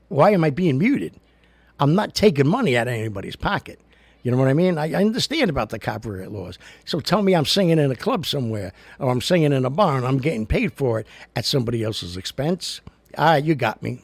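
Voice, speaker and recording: This livestream host has a medium-pitched, gravelly voice with a breathy edge, recorded dry through a studio recorder mic. He talks to viewers in a loose, chatty, rambling way and rants now and then.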